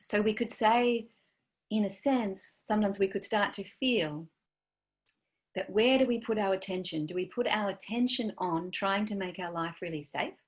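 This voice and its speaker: Gentle and searching, a woman meditation teacher delivers a dharma talk, letting her words fade off softly and using lots of fillers. Her mid-range voice moves at a normal speed.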